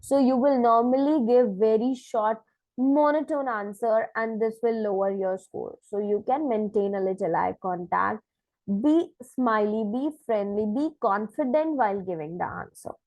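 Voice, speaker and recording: A woman's voice: on the high side, normal speed, a little mellow, no echo, rough recording. A woman teaching an online lesson, explaining points step by step and checking in with "right?". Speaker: IELTS teacher.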